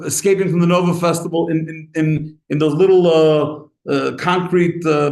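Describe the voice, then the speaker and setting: A man preaching as a rabbi, animated and impassioned, acting out short exchanges as he speaks. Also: sits high. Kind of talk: sermon. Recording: echoey room.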